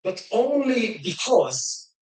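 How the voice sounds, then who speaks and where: A man speaking slowly in a played clip, lecturing about religions and books. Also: very high-pitched, sing-song, darkish tone, roomy sound, poor audio.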